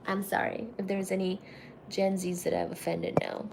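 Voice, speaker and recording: A woman's voice: medium pitch, level tone, moderate pace, gravelly, darkish tone. A woman cooing in affectionate baby talk to her cats at home, laughing often while doing the dishes in her kitchen. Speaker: cat owner and channel host. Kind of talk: casual chat and baby talk to pets.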